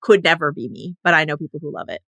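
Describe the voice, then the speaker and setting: Woman podcast co-host, bright forceful tone, dry close sound, wry casual chat. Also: deep voice, lively intonation, fast, vocal fry, dry recording. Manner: wry, sardonic. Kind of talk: casual film discussion.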